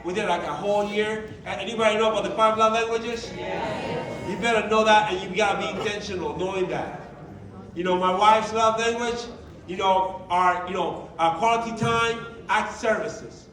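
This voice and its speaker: A man's voice: high-pitched, fairly even intonation, normal speed, crowd noise. A man presenting a motivational workshop to a live group, talking in a conversational, emphatic way and asking many rhetorical questions. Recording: echoey room, mic at a distance.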